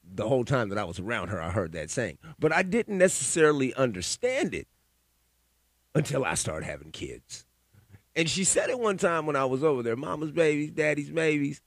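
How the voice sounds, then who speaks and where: A man's voice: mid-range voice, big pitch swings, moderate pace, gravelly, dry recording, clean studio sound. A man hosting a solo podcast, telling stories and giving opinions in a rambling, profane, casual way. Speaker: podcast host.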